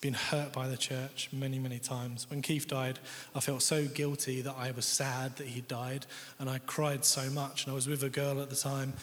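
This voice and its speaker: A young man shares his personal story as a guest speaker, talking candidly and conversationally. His voice sits at an ordinary pitch for a man. A long reverb from the hall trails after his words. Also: little pitch movement, normal speed, few pauses, a bit bright. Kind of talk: personal testimony in a sermon.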